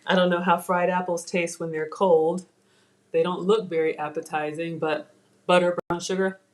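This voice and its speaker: A woman's voice: fairly low pitch, little pitch movement, moderate pace. A woman hosting a live home cooking class, chatty and self-teasing as she talks to viewers from her kitchen. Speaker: cooking show host.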